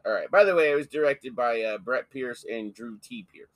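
A man's voice: mid-range voice, lively intonation, moderate pace, dry recording. A man co-hosting a podcast in casual chat, joking crudely and swearing freely. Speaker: podcast co-host.

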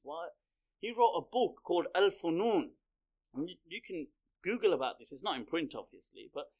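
A male religious lecturer speaking conversationally, telling a story as part of a lecture. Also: on the high side.

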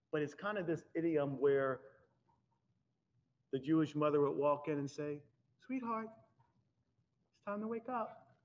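A man preaching a sermon in an animated, conversational way. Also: fairly high pitch. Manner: animated, conversational preaching with laughs and acted-out quotes. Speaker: pastor. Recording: dull lo-fi sound.

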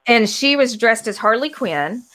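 Chatty woman host, bright voice, lots of quoting herself. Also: on the high side, measured pace. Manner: animated storytelling with laughs and quoted asides. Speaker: podcast host. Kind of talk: casual chat.

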